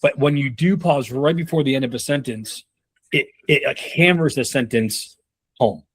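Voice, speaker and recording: A man's voice: mid-range voice, normal speed, breathy edge. A man in his thirties coaching on a call, casual and rambling, with many fillers and restarts. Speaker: sales leadership coach.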